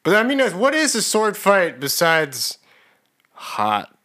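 A man's voice: high-pitched, takes it slowly. A man co-hosting a podcast, chatting casually and cracking crude jokes. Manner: joking, crude, animated. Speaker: podcast co-host.

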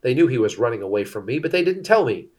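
A man's voice: medium pitch, very animated, quick pace, darkish tone. A man reading the part of an angry, suspicious king who demands answers. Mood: accusing. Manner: accusing, demanding. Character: angry suspicious old king, shouting accusations.

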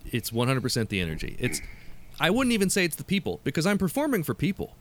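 A man guesting on a podcast, a performer speaking with animated, earnest storytelling in casual chat. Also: a little high, fast.

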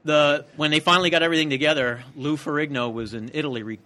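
A man's voice: on the high side, steady tone, quick pace, a crowd in the background. A man co-hosting a podcast live in a comic shop, rambling and trailing off as he chats. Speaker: podcast co-host. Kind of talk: casual round-table chat.

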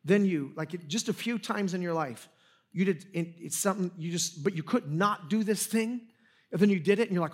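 A man's voice: a little high, a little fast, slightly rough. A man preaching a sermon in a conversational, storytelling way, joking at his own expense with frequent restarts. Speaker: pastor.

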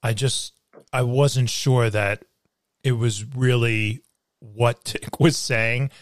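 A man's voice: medium pitch, takes it slowly, no echo. A man who once worked as a studio tour guide, chatting casually and acting out the voices in his story. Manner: animated storyteller, acts out voices of others.

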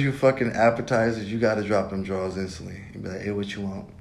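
A man's voice: steady tone, quick pace, vocal fry, hardly any pauses. A man giving blunt, profane dating advice in a casual podcast monologue. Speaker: podcast host. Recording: echoey room with faint rumble.

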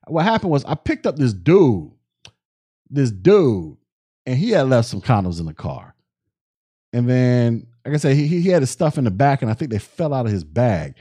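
A man hosts a podcast and spins a rambling story with a lot of swings in his pitch. His voice is warm and dark. He talks loosely, with plenty of slang and profanity, and often stops and restarts mid-sentence. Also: big pitch swings, normal speed, husky. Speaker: podcast host. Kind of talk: casual storytelling.

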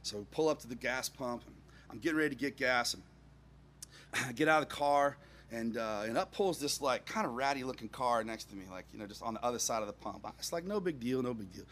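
A man telling a funny personal anecdote, expressive, dropping into hushed asides and rising to near-shouts, chuckling as he goes. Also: mid-range voice, fairly quick, a little hiss or hum. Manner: chuckles through his own story. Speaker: storyteller.

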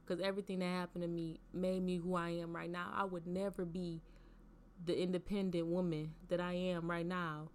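A young woman sharing a heartfelt faith testimony from home. She speaks earnestly and directly, repeats lines for emphasis and talks to listeners as y'all. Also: mid-range voice. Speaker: vlogger sharing a personal testimony. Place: at home, just out of bed.

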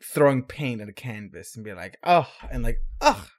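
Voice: mid-range voice, brisk. A let's play co-commentator chatting over gameplay in a playful, joking way.

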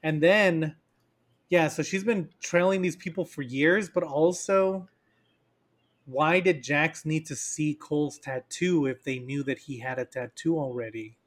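A man's voice: a little high, unhurried. A man co-hosting a podcast, casually reviewing a film and mocking scenes in quoted voices. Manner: animated, acts out characters in mocking quoted voices. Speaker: podcast co-host. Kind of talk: casual movie review chat.

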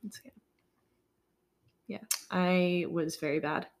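A woman's voice: fairly low pitch, fairly even intonation, takes it slowly. A young woman co-hosting a podcast, chatting casually and telling rambling, self-deprecating stories. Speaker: podcast co-host. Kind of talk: casual chat.

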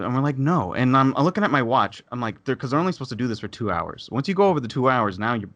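A man casually telling a long story on a podcast, animated and swearing, acting out the people he quotes. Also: mid-range voice, rapid-fire, few pauses, dry recording, dull audio.

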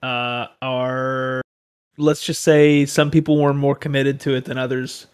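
A man in his thirties, a father and musician, chatting casually as a returning guest with a relaxed, self-deprecating manner. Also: mid-range voice, a little slow, clean tone. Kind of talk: casual chat.

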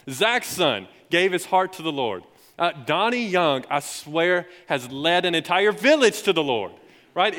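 A young man preaching as a youth pastor, telling stories in a lively, rising way. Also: on the high side. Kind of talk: sermon. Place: church sanctuary. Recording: long hall reverb.

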